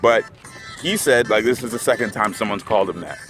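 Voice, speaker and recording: A young man with a lowish voice tells a story straight to camera, rambling loosely and scattering fillers as he goes. Music plays clearly behind him. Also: brisk. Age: young adult. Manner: rambling, heavy filler words. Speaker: vlogger. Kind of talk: casual storytelling.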